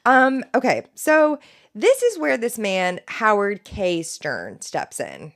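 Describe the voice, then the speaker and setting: A woman's voice: mid-range voice, big pitch swings, takes it slowly, gravelly. A woman co-hosting a podcast, retelling a story in a casual, gossipy way. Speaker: podcast co-host.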